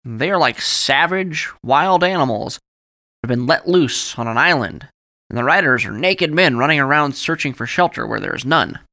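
A man's voice: a little high, lively intonation, moderate pace, gravelly, pushed and bright, voice pushed up, full character voice. A man voicing a nervous, fretful middle-aged male editor who talks anxiously in a raised, pleading voice. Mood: earnest. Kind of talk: audiobook character voice.

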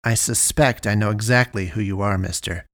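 A man reading growling angry father, low voice, dry sound. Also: steady tone, normal speed, no room sound, lightly acted. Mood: demanding. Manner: loud, demanding, growling. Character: angry suspicious middle-aged father, demanding.

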